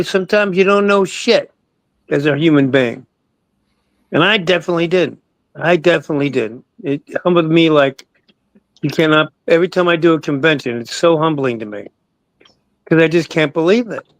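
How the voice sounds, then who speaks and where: An older man in his sixties tells stories as a guest in a relaxed interview. He rambles, doubles back on his words and swears without a second thought. His voice sits a little high and is captured dry and close, with no room sound. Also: moderate pace, dry recording, low-quality recording. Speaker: guest actor. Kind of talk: casual storytelling interview.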